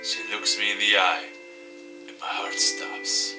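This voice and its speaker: A man streaming a game, reading the visual novel aloud and adding animated asides. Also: on the low side, measured pace. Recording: distant mic with faint music.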